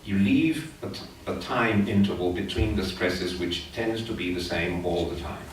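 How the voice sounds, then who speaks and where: A man's voice: sits low, normal speed, slight background noise. A middle-aged man with a Chilean Spanish accent giving an academic conference talk, explaining things in a chatty way with asides. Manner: explanatory, chatty with asides, taps out beats aloud. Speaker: lecturer. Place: lecture hall. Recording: echoey hall from far off.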